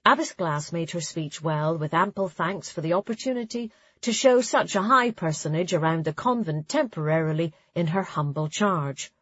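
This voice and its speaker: A woman narrating a story in a measured, even way, with a breathy voice. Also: lowish voice, dry recording, dull audio. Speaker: audiobook narrator. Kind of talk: scripted narration.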